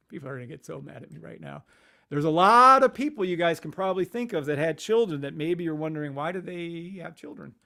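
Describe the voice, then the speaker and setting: A man's voice: fairly high pitch, lively intonation, a little fast, creaky, sharp tone. A man hosting a casual live stream, ranting animatedly with swearing and muttering to himself at his computer. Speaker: livestream host.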